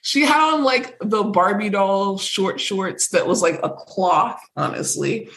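Bright-voiced gossipy podcast co-host. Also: mid-range voice, slow pace, poor audio. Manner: gossipy, swears casually, lots of "like". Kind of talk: casual chat recapping reality TV.

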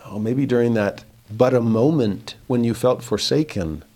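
A man teaching a verse-by-verse scripture lesson, reading passages slowly and then paraphrasing them with rising emphasis. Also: medium pitch, dark tone.

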